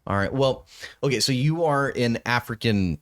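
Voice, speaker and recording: A man co-hosting a casual podcast chat, talking in a rambling, halting way with many restarts. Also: medium pitch, a bit bright. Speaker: podcast co-host.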